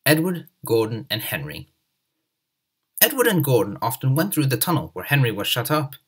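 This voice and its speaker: A man reading a children's story aloud in an expressive, lively way. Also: mid-range voice, moderate pace, slightly rough. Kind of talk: scripted narration of a children's story.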